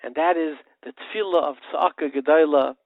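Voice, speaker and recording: A man, a rabbi, gives a short holiday Torah talk, animated, with sudden emphatic rises and English mixed with Hebrew and Yiddish terms. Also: on the high side, brisk, no echo. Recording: narrow phone-like line, dry.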